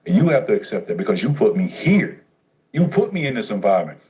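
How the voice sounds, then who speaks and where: A man telling his life story on a casual livestream, profane and streetwise, animated as he goes. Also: lowish voice, quick pace, low-quality recording.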